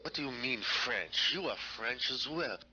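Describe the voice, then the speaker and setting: A man's voice: mid-range voice, expressive, normal speed, sharp tone. A man playing an indignant, insulting character in a comedy sketch, in a dull lo-fi old clip.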